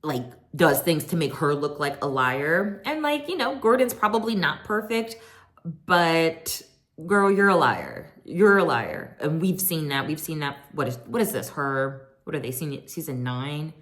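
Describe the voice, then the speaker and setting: A woman recapping a reality TV reunion in a chatty, sassy way, quoting people in animated voices. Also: sits low, moderate pace. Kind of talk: casual chat recap.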